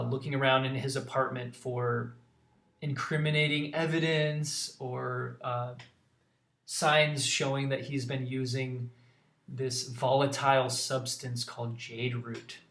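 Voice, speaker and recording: A man casually pitching storyboards in a rambling way, full of fillers. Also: flat delivery, slow, creaky, fairly bright tone. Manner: rambling, filler-heavy narration. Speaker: storyboard artist. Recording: roomy echo.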